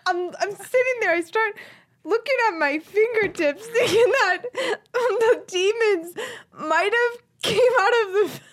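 A woman's voice: very high-pitched, a little slow. A young woman co-hosting a podcast, telling a story in casual chat and laughing through it until she is close to tears. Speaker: podcast co-host.

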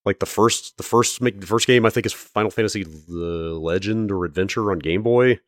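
A man co-hosting a podcast, chatting quickly and knowledgeably about video games with some hedging. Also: lowish voice, no echo, clean studio sound. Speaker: podcast co-host.

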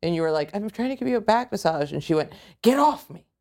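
A woman's voice: lowish voice, animated, rapid-fire, creaky, warm tone. A woman guesting on a comedy podcast, brash and crude, needling the men. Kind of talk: comedic banter.

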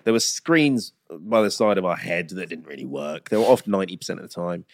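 Bloke on a podcast, dry close sound, swears casually, chatty. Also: male voice, deep voice, expressive, fairly quick, dry recording. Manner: laughs often, swears casually. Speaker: podcast co-host. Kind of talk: casual chat.

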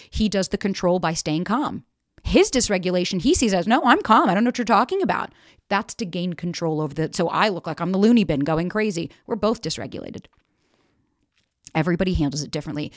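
A woman's voice: fairly low pitch, darkish tone, no echo, studio quality. A woman hosting a podcast, talking frankly and emphatically and swearing freely. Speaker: podcast host and dating coach. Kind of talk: candid podcast monologue.

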